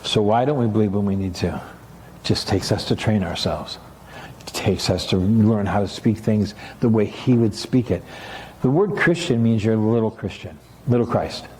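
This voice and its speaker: A man's voice: fairly low pitch, moderate pace, darkish tone, echoey room, a little hiss or hum. A middle-aged man, a pastor, preaching a sermon in a church sanctuary, talking casually and then rising into emphatic passages.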